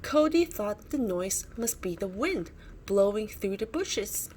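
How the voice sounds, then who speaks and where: A woman reads a bedtime storybook slowly and expressively, her pitch rising and falling widely as she pauses to point out the pictures. She sounds animated and a little mellow, with a slight hiss or hum in the recording.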